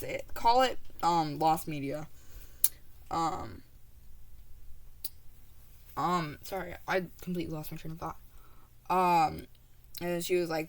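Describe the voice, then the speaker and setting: A teenage girl tells a story straight to camera in a casual vlog. Her voice sits a little low for her age, and she rambles through it with constant swearing, "um"s and side remarks. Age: teens. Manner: profane, rambling, full of fillers and asides. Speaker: vlogger telling a story.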